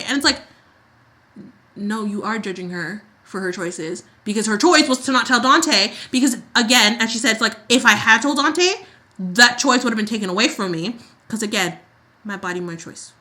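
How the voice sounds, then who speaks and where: A woman's voice: fairly high pitch, moderate pace. A woman co-hosting a podcast, ranting in casual chat about a soap opera and acting out lines from the scenes. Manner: animated ranting with acted-out quotes. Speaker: podcast co-host.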